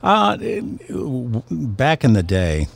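Gravelly older voice-over producer. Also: male voice, mid-range voice, huge pitch swings, takes it slowly. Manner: rambling, hesitant with fillers. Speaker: voice talent and producer. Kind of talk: casual chat.

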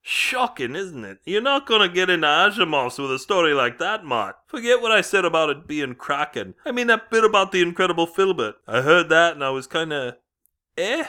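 A man's voice: a little high, sing-song, bright, forceful tone, pitched above the performer's own voice. A man putting on a brash mock-British bloke. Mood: teasing. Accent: put-on British accent. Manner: teasing, blustery, rapid asides. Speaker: podcast host. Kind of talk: comic put-on accent bit.

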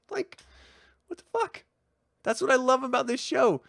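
A man hosting his own podcast, excitedly chatting, laughing and swearing often. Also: very high-pitched, gravelly, no room sound, studio quality. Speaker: podcast host. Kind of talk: casual podcast chat.

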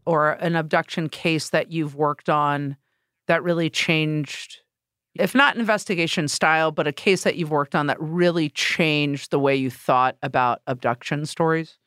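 A man's voice: on the high side, steady tone, measured pace, bright, forceful tone, smooth, no room sound, clean studio sound. A man hosting a podcast who asks questions and teases his guest with short quips. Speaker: podcast host. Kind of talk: casual interview chat.

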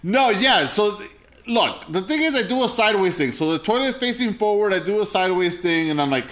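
A young man co-hosting a podcast, telling crude stories in a profane, animated way and laughing often. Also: sits high, a little fast. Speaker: podcast co-host. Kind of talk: casual chat, crude storytelling.

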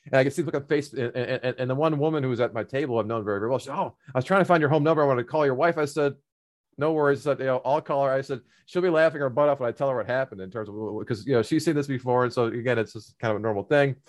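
A man's voice: medium pitch, racing. A middle-aged man casually telling a long personal story, rambling with many fillers and restarts.

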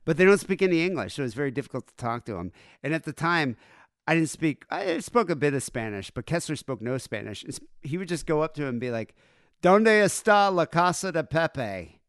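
A man's voice: fairly high pitch, lively intonation, fast talker, dry recording, clean studio sound. Rambling man hosting a crude podcast. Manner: rambling, laughing, crude humor. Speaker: podcast host. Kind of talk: casual chat.

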